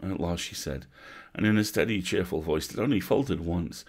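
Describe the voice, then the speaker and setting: A man reading a classic story aloud at a measured, atmospheric pace, as a bedtime story. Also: low-pitched, husky.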